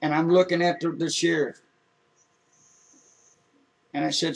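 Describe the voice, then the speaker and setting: A man telling an emotional personal story in an earnest, halting way, with many restarts. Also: a little high, little pitch movement, vocal fry, distant mic, poor audio.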